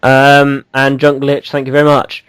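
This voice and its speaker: A man's voice: mid-range voice, completely flat delivery, moderate pace, fairly bright tone, smooth, no echo, rough recording. A man co-hosting a casual gaming podcast, rambling and teasing, with lots of ums and restarts. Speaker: podcast co-host.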